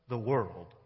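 Dynamic American pastor preaching in a hall. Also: male voice, on the low side, dull audio. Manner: dynamic preaching, swings from loud emphasis to soft near-whispers. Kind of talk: sermon. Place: church sanctuary.

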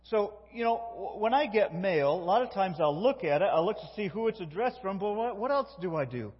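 A man's voice: high-pitched, lively intonation, a little fast, husky. A middle-aged man preaching a sermon as a pastor, in a folksy way, often restarting his sentences and telling jokes. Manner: folksy, self-interrupting, tells jokes. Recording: dull lo-fi with long church reverb.

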